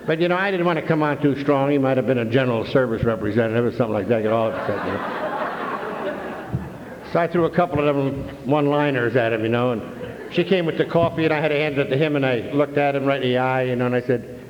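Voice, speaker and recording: A man's voice: medium pitch, fast, crowd noise. An older man telling a humorous story to a convention audience, folksy and full of "you know", on a dull 1993 hall recording. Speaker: recovery meeting speaker.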